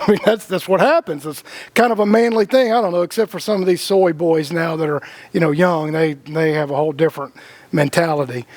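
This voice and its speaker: A man co-hosting a casual spiritual chat, rambling, repeating words, laughing often and acting out the voices of people he quotes. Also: sits high. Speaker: podcast co-host.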